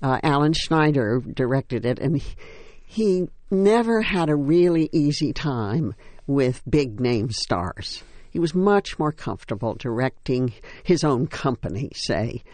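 An older woman, a stage actress, reminiscing in an interview with a wry, unhurried storytelling manner. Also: extremely low pitch, animated, darkish tone, no echo.

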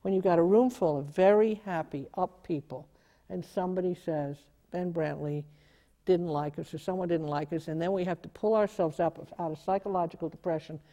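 A woman theater producer on a discussion panel, telling a lively anecdote. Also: lowish voice, a little fast, big-room sound, poor audio.

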